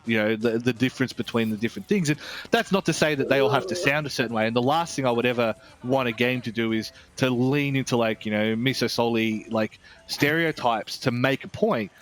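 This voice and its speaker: A man's voice: medium pitch, fairly quick. A man with an Australian accent reviewing a video game in casual chat, rambling and candid, swearing freely.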